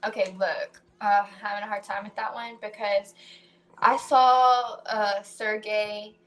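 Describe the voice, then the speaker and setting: Slow and medium in pitch, a woman's voice carries a co-hosted casual chat where she spins animated stories, laughing frequently and cursing freely.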